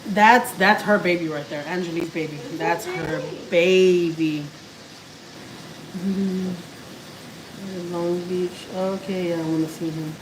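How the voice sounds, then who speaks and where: Cooking in her Houston, Texas home kitchen, a vlogger chats casually on a live stream, talking to her pet and answering viewer comments. Her voice is on the low side with fairly even intonation and a slow pace. The low-quality recording picks up crowd noise.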